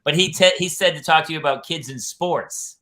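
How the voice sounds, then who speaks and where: A middle-aged man co-hosting a casual chat, telling stories about his kids in an animated way. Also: a little high, brisk. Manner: animated storyteller acting out his daughters. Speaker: podcast co-host.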